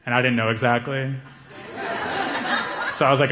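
A man telling a stand-up story, animated, acting out the people in it. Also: medium pitch, moderate pace, pauses often, noisy background. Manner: animated, acts out characters. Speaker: stand-up comedian. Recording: echoey hall reverb.

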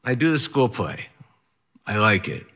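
A man's voice: lowish voice, sing-song, unhurried, pushed and bright. A man telling a personal story on stage in vivid present tense, with a wry touch.

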